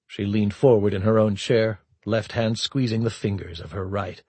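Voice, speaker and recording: Husky man narrating an audiobook. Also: lowish voice, fairly even intonation, normal speed, warm tone, dry recording. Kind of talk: scripted narration.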